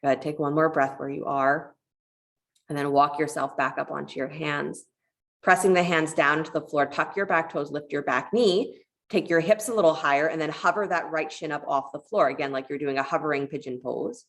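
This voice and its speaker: A woman teaching a yoga class, giving calm, encouraging cues and telling a short parable along the way. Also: low voice, normal speed. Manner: calm, encouraging cueing with a parable told in between.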